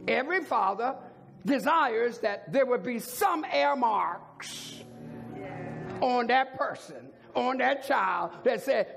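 High, gravelly preacher in a reverberant hall. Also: male voice, lively intonation, a little slow. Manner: emphatic repetition, rising to shouts. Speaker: bishop preaching. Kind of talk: sermon. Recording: long hall reverb, faint organ music.

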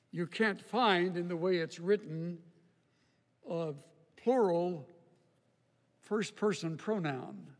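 A man preaching a sermon, emphatic, swinging from loud stressed peaks down to low, slow phrases. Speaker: pastor. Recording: long hall reverb.

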